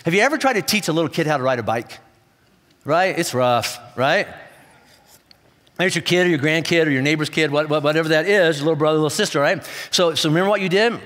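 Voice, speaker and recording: A man preaching a sermon in a casual, animated storytelling way, acting out the people in his stories. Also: a little high, fast, big-room sound. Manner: conversational, animated storytelling with acted-out quotes. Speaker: pastor. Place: church auditorium.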